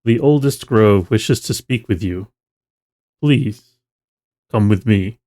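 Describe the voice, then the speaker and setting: A towering, unhurried forest giant speaks with calm, formal courtesy, as a man game master puts him on. His voice sits a little low. It is a tabletop role-play character. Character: slow, polite male forest giant.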